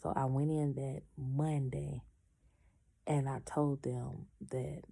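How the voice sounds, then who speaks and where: A woman's voice: extremely low pitch, little pitch movement, slow pace, vocal fry, dark tone. A woman telling a personal story casually, acting out the people she quotes and stopping now and then to say she is in pain.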